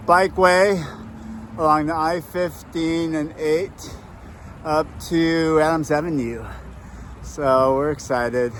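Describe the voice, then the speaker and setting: A man's voice: on the high side, fairly bright tone. A man narrating his own bike ride in a casual, upbeat vlog style while cycling outdoors on city streets. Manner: upbeat, chatty, breaks into laughs. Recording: street and traffic noise behind.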